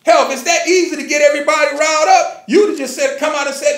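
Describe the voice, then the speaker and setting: A man's voice: very high voice, fast. A man giving a ranting commentary, sarcastic and mocking, with frequent profanity. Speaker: commentary vlogger. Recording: echoey room.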